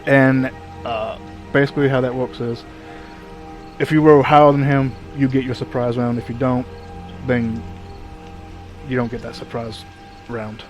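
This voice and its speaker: A man running a tabletop game as game master, who explains the rules patiently and in a relaxed way. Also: mid-range voice, a little slow, long pauses, music in the background.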